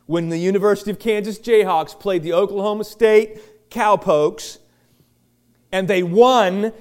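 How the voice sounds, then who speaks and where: A middle-aged male pastor preaching a sermon, chatty and joking, swinging from quiet asides to loud shouted bursts. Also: high-pitched, steady tone, measured pace, clean tone. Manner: chatty, joking storyteller with many restarts.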